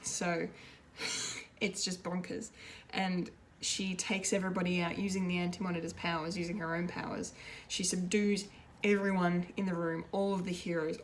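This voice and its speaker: Female pop culture reviewer, low-ish voice, chatty and rambling recap delivery. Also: a little hiss or hum. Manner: rambling and excitable, many fillers and restarts.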